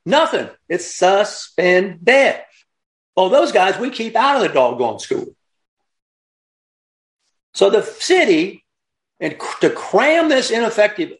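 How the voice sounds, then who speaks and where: A man giving impassioned commentary, emphatic and digressive, repeating points and lecturing along the way. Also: a little high. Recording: roomy echo.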